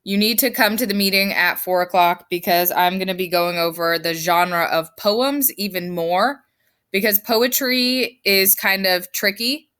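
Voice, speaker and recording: A woman's voice: fairly low pitch, pushed and bright. A woman teaching her fifth grade class in a recorded lesson, firm and emphatic as she explains step by step.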